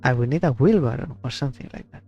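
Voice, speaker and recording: A man's voice: medium pitch, quick pace, lo-fi sound, faint music behind. A man streaming a horror game, musing aloud and fumbling over how to pronounce names. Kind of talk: let's play commentary and dialogue reading.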